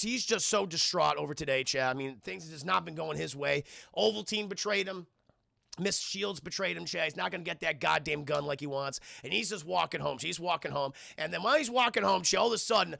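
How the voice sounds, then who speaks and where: Gravelly, high-voiced man ranting to chat. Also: bright, forceful tone, dry recording, studio quality. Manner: rambling, profane, addresses chat constantly. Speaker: film review streamer. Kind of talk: live-streamed scene-by-scene film recap.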